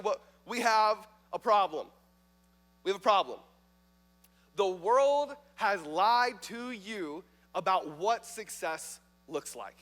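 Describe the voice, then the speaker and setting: A man's voice: extremely high pitch, a bit bright. A young man, preaching a casual, joking youth sermon as youth pastor, full of likes and fillers. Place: church youth service. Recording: reverberant church hall.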